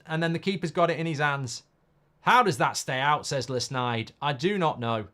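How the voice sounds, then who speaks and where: A blunt, animated man hosts a live football watchalong, with a voice sitting a little high for a man. He talks in loose, rambling sentences, reacts out loud to the match and reads out viewer comments. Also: normal speed.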